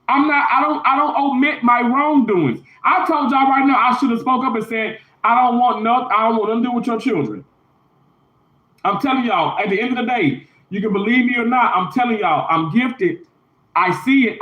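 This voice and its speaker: Indignant high-voiced man ranting live. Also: reverberant, lo-fi sound. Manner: emphatic, repetitive, indignant. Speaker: livestreamer, hospital worker. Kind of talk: casual live stream rant.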